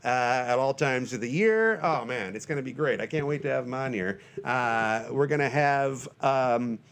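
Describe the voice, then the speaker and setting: A man in his forties hosting his own podcast alone, talking loosely with lots of fillers and breaking into shrill panicky shouts for comic effect. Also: lively intonation, normal speed. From Northern Michigan, US. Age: 40s. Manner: loose and self-mocking, lots of fillers and restarts. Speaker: podcast host. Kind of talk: rambling solo podcast monologue.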